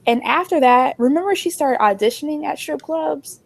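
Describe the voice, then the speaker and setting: A woman's voice: high-pitched, normal speed, creaky, slight background noise. A young woman telling a story in casual chat, animatedly acting out what everyone said. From New Jersey. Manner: animated, acts out dialogue.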